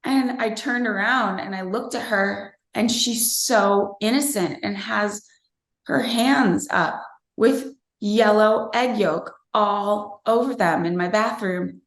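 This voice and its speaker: A woman's voice: mid-range voice, slow. A woman in her thirties, interviewed, earnestly and reflectively telling a personal story from her own family life. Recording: roomy echo.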